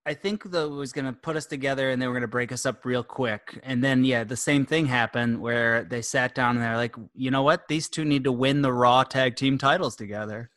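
A man's voice: medium pitch, steady tone, brisk, few pauses, fairly bright tone. A man guesting on a podcast, bantering and teasing the host in a joking way. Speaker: guest wrestler. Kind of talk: casual interview chat.

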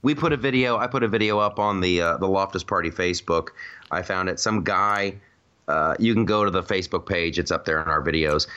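A man's voice: low-pitched, brisk, sharp tone, smooth, muffled recording. A man hosting a casual, comedic podcast chat, rambling through stories with many restarts and laughs. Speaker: podcast host.

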